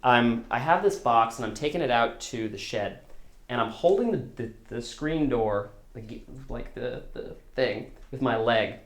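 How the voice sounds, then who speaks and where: On stage at a storytelling concert, a man relates a true story in a conversational, self-deprecating way, often restarting his sentences. His voice is medium-pitched and a little slow, and the sound is roomy.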